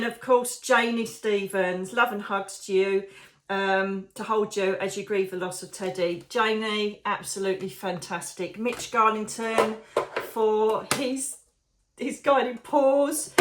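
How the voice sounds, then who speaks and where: A woman from the UK hosting her psychic medium show, chatting warmly to viewers, digressing often and calling them darling. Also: medium pitch, a little hiss or hum. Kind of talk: casual chat to viewers.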